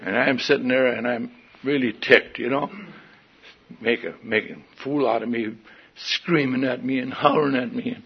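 A man's voice: medium pitch, steady tone, moderate pace, muffled recording, a crowd in the background, noisy background. An older man giving a folksy, wry personal testimony at a meeting, in front of an audience. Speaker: recovery meeting speaker.

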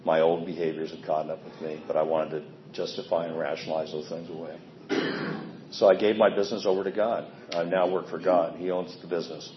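A man whose voice sits low speaks fairly quickly in a level tone, offering a frank, plain-spoken recovery testimony and running himself down over his old behavior. The audio is echoey and dull, with a faint ambient hum.

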